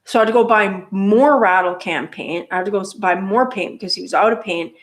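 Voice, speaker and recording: A woman's voice: medium pitch, fairly quick. A woman telling a casual story about her motorcycle build, rambling with lots of fillers and restarts.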